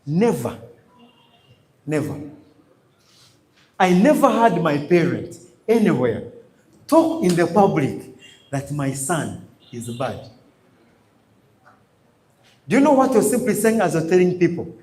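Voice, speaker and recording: Ugandan man, motivational trainer, high and animated delivery, drills points with call-and-response. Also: takes it slowly, long pauses. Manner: emphatic, repetitive, calls out questions for the audience to answer. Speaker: business trainer. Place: training session before a live audience.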